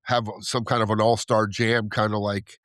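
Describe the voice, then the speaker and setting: A man's voice: on the low side, flat delivery, moderate pace, a bit bright, no echo, studio quality. A man, chatting on a podcast in a laid-back, joking way. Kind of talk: casual chat.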